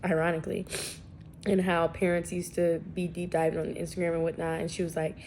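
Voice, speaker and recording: A young woman's fairly low, monotone voice moves a little fast and sounds a little mellow as she vlogs in a chatty, rambling, slangy way. She's self-deprecating and slightly sniffly from allergies, and a little hiss or hum runs under the recording.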